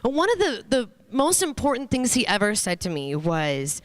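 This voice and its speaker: A woman in her thirties giving an earnest, storytelling motivational talk on stage, pausing for emphasis. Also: on the high side, big pitch swings, dry recording. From Minnesota, USA. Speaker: motivational speaker. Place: stage before an audience.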